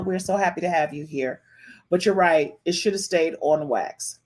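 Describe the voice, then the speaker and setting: Sassy, animated woman podcast host. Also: on the low side, normal speed. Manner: animated, sassy, repeats herself often. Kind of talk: casual live-stream chat.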